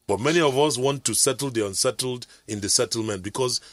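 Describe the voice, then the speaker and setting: A man's voice: medium pitch, fast talker, dry recording. A middle-aged man, telling rambling stories in casual chat, with preachy asides.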